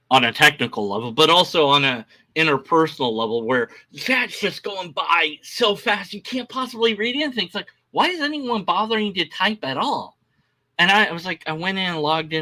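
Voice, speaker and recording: Animated, exasperated man ranting. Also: on the high side. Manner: exasperated, restless, mocking with blah-blah mimicry. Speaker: vlogger ranting on a live stream. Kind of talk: casual rambling rant.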